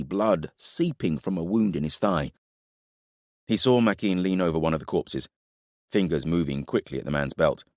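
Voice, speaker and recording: Deep-voiced male audiobook narrator. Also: no room sound, clean studio sound. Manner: measured, dramatic reading. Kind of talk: scripted fantasy narration.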